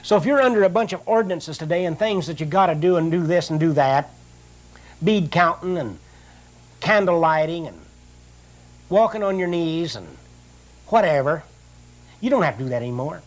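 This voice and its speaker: Slow earnest older preacher, fairly high voice. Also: male voice, animated. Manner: slow, drawn-out reading of scripture, earnest plain-spoken preaching. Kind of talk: sermon with scripture reading.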